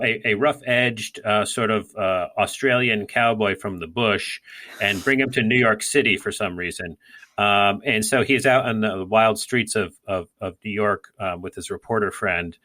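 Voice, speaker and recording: A man's voice: on the low side, moderate pace, pushed and bright. A man co-hosting a podcast, talking casually and rambling with many fillers and restarts. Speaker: podcast co-host. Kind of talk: casual gardening chat.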